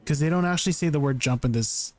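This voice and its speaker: A man's voice: fairly high pitch, quick pace, a little mellow. A man chatting casually with viewers on a live stream, laughing often and answering their questions as he goes.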